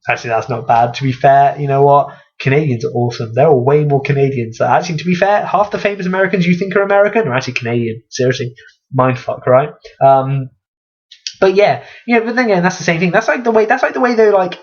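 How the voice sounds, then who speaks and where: A young man, ranting sarcastically in a comedic vlog, swearing freely and jumping up in pitch. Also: dull audio. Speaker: vlogger.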